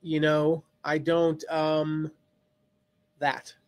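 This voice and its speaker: Higher-voiced man hosting a live lesson. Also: monotone, extremely slow, dry recording. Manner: rambling, thinks aloud with many restarts. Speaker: host.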